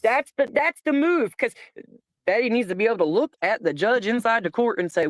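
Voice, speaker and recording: A woman's voice: fairly high pitch, animated, brisk, no echo. A woman in casual livestream chat, talking emphatically and bluntly and swearing freely.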